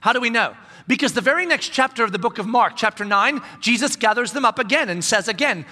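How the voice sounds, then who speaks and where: A male pastor preaching a conversational sermon in an animated way, acting out the voices he quotes. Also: extremely high pitch, fairly quick, big-room sound.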